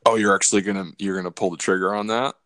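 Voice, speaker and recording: A man's voice: deep voice, steady tone, racing, fairly bright tone, dry recording, studio quality. A man co-hosting a podcast in casual chat, laid-back and joking, swearing now and then. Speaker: podcast co-host.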